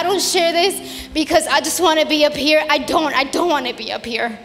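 A woman's voice: high voice, normal speed. A woman giving an earnest, emotional personal testimony in a church sanctuary, building into fervent preaching. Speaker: testimony speaker at a church service. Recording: long hall reverb with soft music behind.

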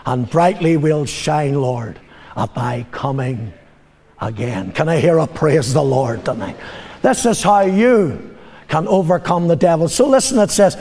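An older man preaching a sermon as a pastor, telling a story, moving between loud declarations and low, confiding passages. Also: measured pace. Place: church. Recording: long reverb of a church hall.

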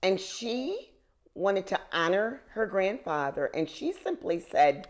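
A woman reading a children's book aloud in a slow, expressive way. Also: medium pitch. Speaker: reader.

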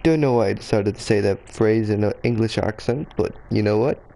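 Male game streamer, low mellow voice, loose rambling chatter, pokes fun at himself. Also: fairly quick, vocal fry, rough recording. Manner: rambling, chatty, self-deprecating. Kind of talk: casual live game streaming.

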